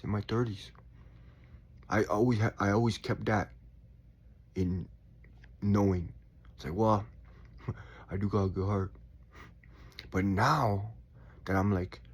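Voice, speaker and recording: A man in his forties talking in a calm, reflective way about staying chill, with sighs and quiet asides. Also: medium pitch, husky. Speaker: spiritual vlogger. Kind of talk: casual reflective monologue.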